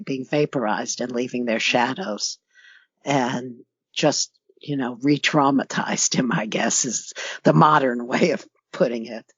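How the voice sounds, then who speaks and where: A woman's voice: extremely low pitch, slightly rough, dry recording, muffled recording. An older woman from New York with a New York accent, a guest author in a casual interview, talking reflectively and rambling with many fillers.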